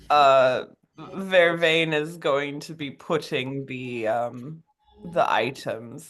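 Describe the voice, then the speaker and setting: A woman playing a tabletop role-playing game, talking casually and hesitantly, with many pauses and fillers. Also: sits low. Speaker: player.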